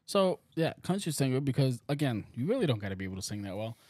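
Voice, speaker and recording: A man's voice: medium pitch, very animated, fast, a little mellow, husky, dry recording. A man co-hosting a casual podcast, joking around and laughing often. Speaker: podcast co-host. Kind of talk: casual chat.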